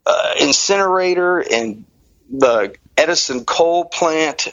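A middle-aged man from the Detroit area, telling his own story in an interview as an animated, energetic storyteller. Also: a little high, measured pace, no room sound. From Detroit area, Michigan. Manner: animated, energetic storyteller who acts out dialogue. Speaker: interview guest. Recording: dry, slightly muffled audio.

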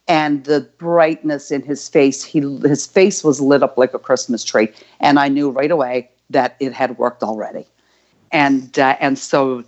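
An older woman, a grandmother, telling a heartfelt story as a guest, halting with many fillers. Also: very deep voice, muffled recording. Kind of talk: casual storytelling.

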